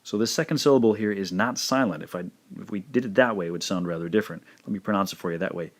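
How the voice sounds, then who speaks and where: A man with a fairly low voice teaches a language lesson, speaking in a measured, careful way. He demonstrates sounds by repeating each word several times. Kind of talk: scripted lesson narration.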